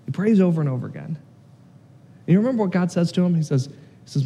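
A man preaching a sermon as pastor, animated and swinging between loud excitement and quiet, earnest intensity. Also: high-pitched, fast talker, slightly rough, long reverb tail.

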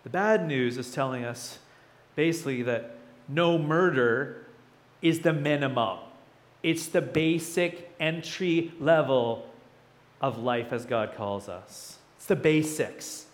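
A man's voice: medium pitch, takes it slowly. A man in his thirties preaching a sermon as a pastor, conversational and chatty, with playful asides.

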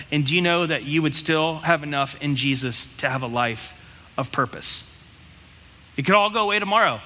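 A pastor delivers a sermon to his congregation in a plain, conversational style, firing off rhetorical questions. His voice is bright and sits a bit high, and a long hall reverb carries the sound.

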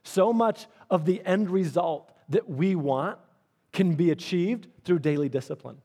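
A pastor in his middle years delivers a sermon in a fairly high voice for a man. He talks to the congregation in an earnest, conversational way and circles back on his phrases for emphasis. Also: mellow.

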